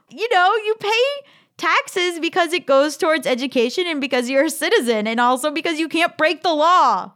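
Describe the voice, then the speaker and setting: A woman's voice: high-pitched, expressive, normal speed, a bit bright. A woman in her thirties hosting a podcast, chatting casually and reading listener emails aloud with amused laughs. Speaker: podcast host.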